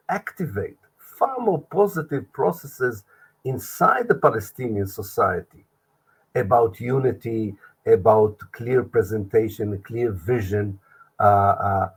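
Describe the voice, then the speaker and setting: An older man, a historian giving an earnest interview answer over a video call, halting with many restarts. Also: medium pitch, slightly rough, low-quality recording. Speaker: historian guest.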